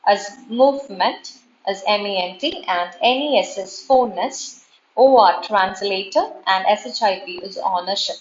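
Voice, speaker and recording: A woman's voice: medium pitch, normal speed. A woman giving an online class lecture, explaining things over and over and spelling out word endings letter by letter. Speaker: English literature lecturer. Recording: echoey room, dull lo-fi sound.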